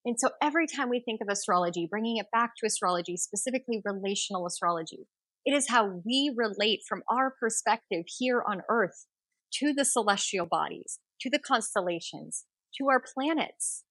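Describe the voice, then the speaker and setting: A woman hosting an astrology podcast who tells a myth and then teaches, with expressive, rhythmic storytelling. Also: mid-range voice, brisk, dry recording.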